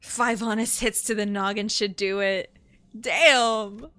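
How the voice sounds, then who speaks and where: A young woman streaming a game, chatting excitably and swearing freely. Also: medium pitch, slow pace, faint music behind. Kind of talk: casual live-stream chat.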